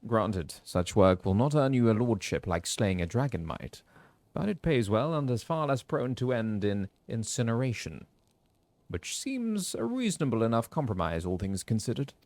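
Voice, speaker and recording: An actor playing a male mercenary captain, reading game dialogue aloud in a measured, formal delivery. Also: mid-range voice, very animated, darkish tone, no echo. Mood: pragmatic.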